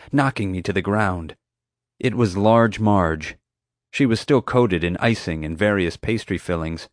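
A man reading first-person scripted narration as an audiobook narrator, with lively storytelling. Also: fairly low pitch, no echo, clean studio sound.

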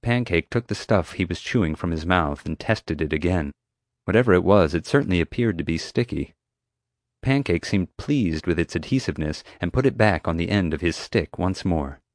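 A man narrating an audiobook in a steady, clear storytelling manner on a close mic. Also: low-pitched, moderate pace, no room sound.

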